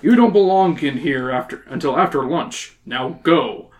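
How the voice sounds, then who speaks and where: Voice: mid-range voice, animated, normal speed, darkish tone, natural voice. A podcast reader voicing a scruffy, irritable male science teacher who scolds sternly. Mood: disapproving. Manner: stern and muttering.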